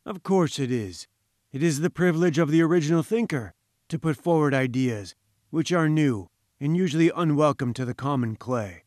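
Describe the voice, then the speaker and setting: A haughty scientist , put on by a male audiobook reader, holds forth with grand, patronizing certainty. The voice sits a touch high and the sound is dry and close, as if spoken right into the mic. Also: normal speed, a little mellow, no room sound, natural voice. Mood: pompous, lecturing. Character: pompous, condescending male professor-scientist. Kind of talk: audiobook character voice.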